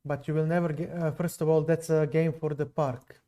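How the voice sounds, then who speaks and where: A man's voice: on the high side, little pitch movement, normal speed, warm tone. A man from Serbia with a non-native English accent, streaming chess live and musing to viewers between moves. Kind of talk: live stream commentary while playing.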